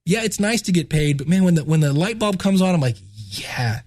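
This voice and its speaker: Enthusiastic male podcast host and teacher, congested, higher register, dry sound. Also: fast, no room sound. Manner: enthusiastic, repeats words when excited. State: stuffed up, congested. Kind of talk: casual solo podcast talk.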